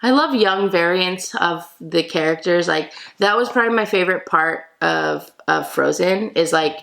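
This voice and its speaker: Chatty woman with a gravelly voice. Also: on the low side, normal speed, poor audio. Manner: chatty, excitable, talks to viewers. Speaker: toy collector vlogger. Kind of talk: casual unboxing vlog.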